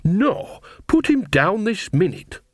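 A cheerful, folksy old witch woman, chatty and quick to scold. A man voices her in a dry, close storybook reading. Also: medium pitch, lively intonation, fairly bright tone, no echo, lightly acted.

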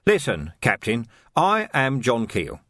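Gruff, blunt male copper, firm and direct, read by a male narrator, lively pitch, dry storybook sound. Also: slow pace, no echo, heavily acted. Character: hardened gruff male police sergeant.

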